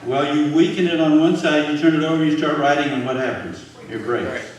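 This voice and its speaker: A man's voice: on the high side, brisk. An older man giving an informal Bible teaching to a live group, talking conversationally and putting questions to his listeners. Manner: conversational, quizzes the audience with questions. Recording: very echoey room, voice from far off.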